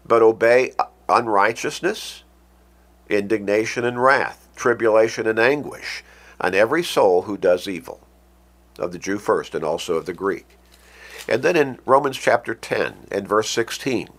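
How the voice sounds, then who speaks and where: A man preaching a radio sermon, emphatic and deliberate, quoting scripture. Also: fairly low pitch, fairly bright tone.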